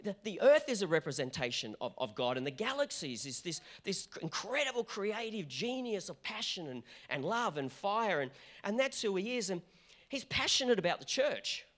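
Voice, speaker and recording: An Australian man, a middle-aged pastor, preaching a passionate, animated sermon with frequent restarts. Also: high voice, moderate pace.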